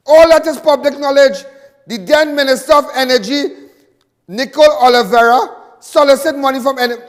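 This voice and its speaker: Fiery high-voiced Trinidadian man ranting. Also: in a large hall. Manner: fiery, mocking, repeats lines for emphasis. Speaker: host. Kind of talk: political commentary monologue.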